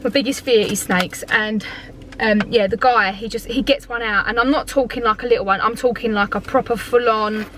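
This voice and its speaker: A woman's voice: a little high, steady tone, moderate pace, a bit bright. A woman in her thirties with an Essex accent, talking casually to camera in a rambling vlog style. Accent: Essex English. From Essex, England. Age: 30s. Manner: chatty, rambling, lots of "like". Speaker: family vlogger. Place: outdoor park with a play area. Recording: noisy outdoor phone recording. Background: outdoor noise and children.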